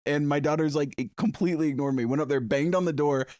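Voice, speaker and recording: A man in his thirties chatting on a podcast, telling animated stories with lots of acted-out quotes. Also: on the high side, quick pace, no echo, clean studio sound. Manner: animated storytelling with frequent laughs and acted-out quotes. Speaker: podcast co-host. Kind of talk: casual chat.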